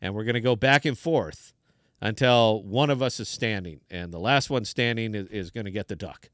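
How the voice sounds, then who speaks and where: A man voicing a big, burly, stubborn farmer in a told joke, speaking gruffly and matter-of-factly. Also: lowish voice, moderate pace, a bit bright, no room sound, clean studio sound, close to an everyday voice. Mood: stern.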